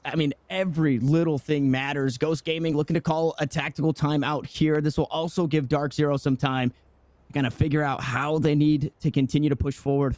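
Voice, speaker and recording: A man casting an esports match with play-by-play commentary, talking in excited bursts with frequent restarts. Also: fairly high pitch, dry recording. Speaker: esports caster.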